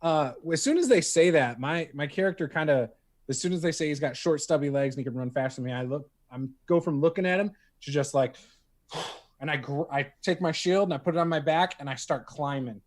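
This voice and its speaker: A man playing a tabletop game, calmly explaining what his character does. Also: a little high, a little fast. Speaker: player.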